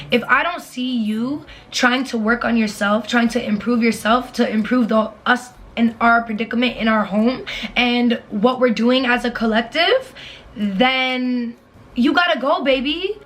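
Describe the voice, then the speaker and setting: A woman's voice: on the high side, fairly bright tone. A young woman giving blunt, emphatic relationship advice in a casual vlog, repeating her points and swearing freely. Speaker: advice vlogger.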